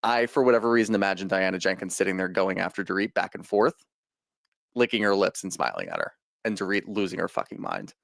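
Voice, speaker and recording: A young man with a somewhat low voice co-hosts a reality TV podcast in a casual, blunt way. He rambles through strong opinions, heard dry and close on the mic. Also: expressive, fast talker, gravelly, no room sound. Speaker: podcast co-host.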